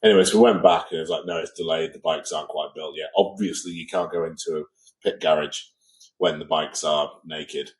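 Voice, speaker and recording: This English podcast co-host has a bass voice with a steady tone and a fairly quick pace, though the audio is poor. He's chatting casually, recounting an anecdote and performing the lines of the people in it.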